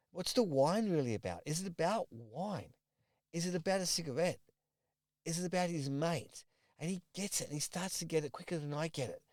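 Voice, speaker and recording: A middle-aged man with a fairly high voice coaches to camera in a loose storytelling way, circling back on phrases and restarting sentences. The sound is close and dry, with no room echo. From Australia. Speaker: personal trainer and host. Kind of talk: direct-to-camera coaching talk.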